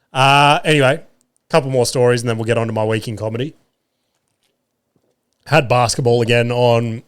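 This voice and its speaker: A man in his thirties with an Australian accent, hosting a podcast and telling wry, profane stories in a casual chat. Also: medium pitch. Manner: profane, wry, lots of filler and acted-out quotes. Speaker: podcast host. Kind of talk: casual comedic storytelling. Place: home room.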